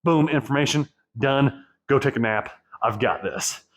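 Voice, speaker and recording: A man's voice: medium pitch, unhurried, a bit bright. A man hosting a channel for divorced men, talking through a personal story in a rambling, candid monologue laced with swearing. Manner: rambling, profane, self-reflective. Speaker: divorce coach and channel host.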